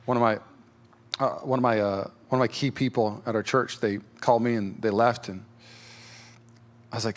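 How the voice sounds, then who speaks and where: A young man who pastors a church, preaching a sermon in his sanctuary with animated storytelling and frequent filler words. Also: on the low side, moderate pace, long pauses. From California, USA.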